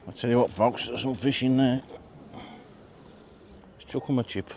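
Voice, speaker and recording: A man's voice: mid-range voice, normal speed, a little mellow, a little hiss or hum. A British man hosting a casual food vlog outdoors at a marina, chatting and joking as he eats and reviews the meal. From Britain. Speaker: vlog host.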